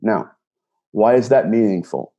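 A man's voice: lowish voice, animated, a little slow, dark tone, muffled recording. A man telling a personal story in an earnest, casual way, recounting a conversation line by line with many repeated words and restarts. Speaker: self-described empath telling a personal story.

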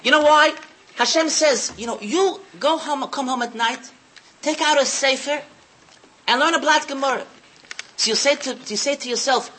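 Woman lecturer, storytelling style, emphatic, higher pitch, bright and sharp voice. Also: moderate pace, poor audio. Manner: animated storyteller, emphatic, repeats phrases. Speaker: religious lecturer.

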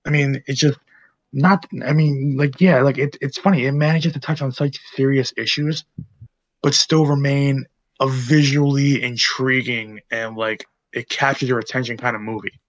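A man's voice: medium pitch, steady tone, moderate pace, dry recording, highs cut off. A man in his late twenties co-hosting a podcast, chatting casually about a movie in a rambling way full of fillers and restarts. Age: late 20s. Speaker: podcast co-host. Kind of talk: casual movie-review chat.

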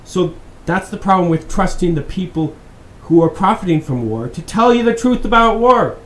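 Man with a somewhat high voice, ranting and swearing through news commentary, recorded in an echoey room with faint background hiss. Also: expressive, normal speed. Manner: profane, exasperated and sarcastic. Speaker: podcast host.

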